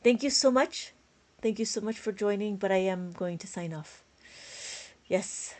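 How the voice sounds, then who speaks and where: Brief: tired woman tutor on a live stream, chatty, laughs easily, counts out steps, mid-pitched voice. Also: a little slow, a little mellow. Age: adult with a school-age child. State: tired, yawning. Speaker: abacus teacher. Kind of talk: live-stream math lesson, chatting with viewers.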